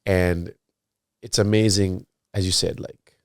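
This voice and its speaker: A man co-hosting a parenting podcast in casual chat, telling animated stories and using relaxed slang. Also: low-pitched, slow, dry recording, clean studio sound. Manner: animated storyteller, acts out his kids' voices, slangy. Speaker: podcast co-host, father.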